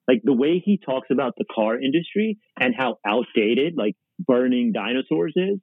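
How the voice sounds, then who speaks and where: A man's voice: medium pitch, animated, moderate pace, hardly any pauses, breathy edge, no room sound, phone-quality sound. A man talking casually as a podcast guest, rambling with lots of "like" and restarts. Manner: rambling, heavy use of "like", restarts often. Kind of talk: casual conversation.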